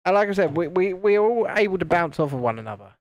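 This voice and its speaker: A UK man talks fast in a sing-song, darkish-toned voice with no echo. Building LEGO on a live stream, he chats casually, teases his friends with higher-pitched imitations, and reads out viewer comments.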